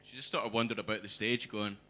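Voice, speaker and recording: A young Scottish man doing a stand-up set in a comedy club, with a dry, deadpan delivery into a stage mic. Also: on the low side, fast talker. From Scotland.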